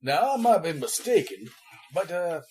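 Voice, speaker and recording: A man's voice: a little high, very animated, darkish tone, faint music behind. Man doing a florid Southern lawyer. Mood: flowery, evasive. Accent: American Southern. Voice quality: halting, many ums and restarts. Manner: florid, overly polite. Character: wordy Southern gentleman lawyer, fussy and evasive.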